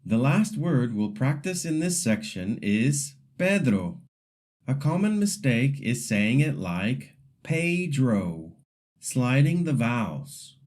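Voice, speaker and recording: Slow, lively-pitched male language teacher. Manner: slow, deliberate model pronunciations for repeating. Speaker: Spanish pronunciation teacher. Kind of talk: scripted language lesson.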